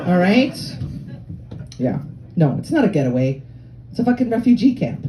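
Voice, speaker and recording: A woman's voice: a little high, huge pitch swings, normal speed, long pauses, low-quality recording. A woman in her forties from Lebanon and Canada, doing a brash, profane, self-mocking stand-up comedy set on a comedy club stage. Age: 40s. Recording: live club crowd laughing.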